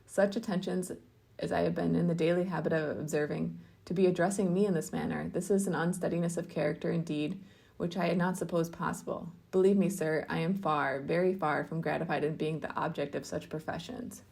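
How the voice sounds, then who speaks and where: Proud indignant young lady, formal and crisp, low voice, gravelly edge, as a woman reader puts her on. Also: steady tone, brisk, a little mellow.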